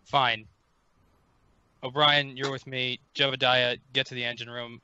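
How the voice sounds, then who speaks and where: Guy player barking quick orders, flat, sharp crisp voice. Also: medium pitch, dull audio. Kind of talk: tabletop game play.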